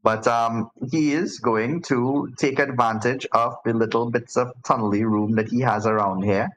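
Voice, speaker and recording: A man's voice: medium pitch, steady tone, normal speed, fairly bright tone, a little hiss or hum, low-quality recording. A man acting as game master, narrating a tabletop game in a casual way with many fillers and restarts.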